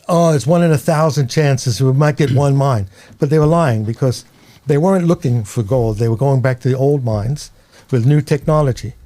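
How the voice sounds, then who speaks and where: An older man from New York with a New York accent, telling rambling, animated stories as an interview guest and laughing along. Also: medium pitch. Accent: American, New York. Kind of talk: casual storytelling.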